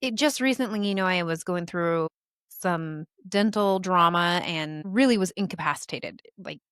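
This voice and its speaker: In a studio-quality, dry recording, a podcast host in her thirties talks conversationally about motherhood and illness with earnest emotion, coming out in quick bursts. Her voice is lowish, smooth, and a bit bright.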